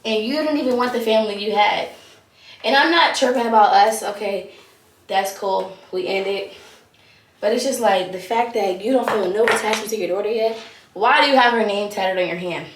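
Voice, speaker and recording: A woman's voice: mid-range voice, normal speed, echoey room, recorded from a distance, a little hiss or hum. A young woman in her early twenties candidly telling a personal story in a casual vlog, acting out both sides of the conversations. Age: young adult. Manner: candid, animated retelling with quoted dialogue. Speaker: vlogger.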